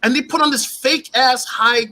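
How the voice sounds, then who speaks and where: A man speaking as a panelist on a livestream, animated and often addressing the host. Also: very high-pitched, normal speed.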